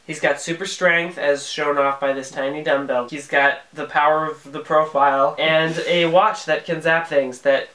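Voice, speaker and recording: A man's voice: fairly high pitch, steady tone, moderate pace, few pauses, sharp tone. A young man reading out his own childhood comic book, joking about each panel with playful mock-dramatic quotes. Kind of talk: casual comedic commentary. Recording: echoey room.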